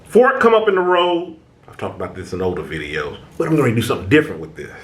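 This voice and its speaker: A man talks straight to his viewers in a loose, conversational way. His pitch swings up and down a lot as he acts out what they might be thinking, and he often doubles back on his words. The room around him has a noticeable echo. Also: wildly swooping pitch, fast. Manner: conversational, acts out inner thoughts, repeats words. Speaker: self-help video host. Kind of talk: casual motivational talk to camera. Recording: echoey room.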